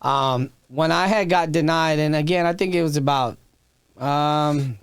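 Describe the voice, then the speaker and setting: Smooth-voiced man telling a raw story. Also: on the high side, a little slow, no echo, studio quality. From Texas. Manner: raw and emotional, swears freely, frequent restarts. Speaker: podcast guest, comedian. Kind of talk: candid storytelling interview.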